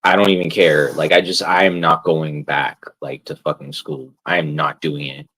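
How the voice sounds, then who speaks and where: Man, live streamer, rambling profane rant, deep voice, husky. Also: flat delivery, normal speed, bright, forceful tone, low-quality recording. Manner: rambling, swears constantly, fills with "like". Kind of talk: casual profane rant while gaming.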